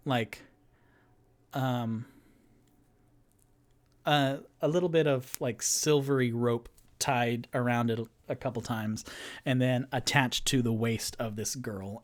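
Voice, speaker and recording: A man narrating as game master, improvising fantasy scenes in a halting way, with many fillers and restarts. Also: mid-range voice.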